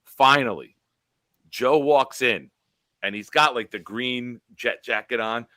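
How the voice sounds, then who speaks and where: A man in his forties, a show host telling a profane, animated sports story with quoted dialogue. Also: mid-range voice, slow pace, dry recording.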